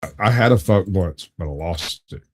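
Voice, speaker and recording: A man's voice: low-pitched, lively intonation, moderate pace, husky. A man co-hosting a podcast in casual chat, joking and teasing with crude humor. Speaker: podcast co-host.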